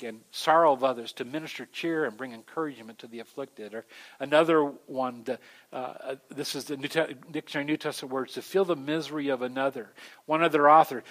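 A middle-aged man preaching a sermon, telling stories with an animated delivery that swings from loud to soft. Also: a little high. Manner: animated storytelling, voices shifting loud and soft. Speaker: pastor.

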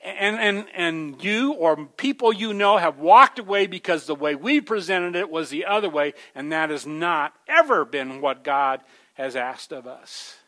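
A man delivering a sermon with a bright, slightly high voice. He talks to his listeners as folks, restarting phrases as he goes, and presses his points with rising emphasis. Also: animated, measured pace. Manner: conversational preaching, frequent restarts, addresses listeners as folks. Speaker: pastor.

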